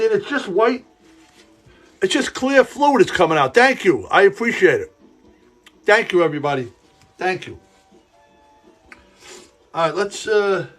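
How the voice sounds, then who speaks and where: A man hosting a live stream from his model railroad layout, sniffly and sneezing, talking in a rambling, halting way that often repeats itself. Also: high-pitched, a bit bright. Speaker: livestream host running a model railroad. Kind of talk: casual live-stream chat while working. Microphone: earpiece in ear.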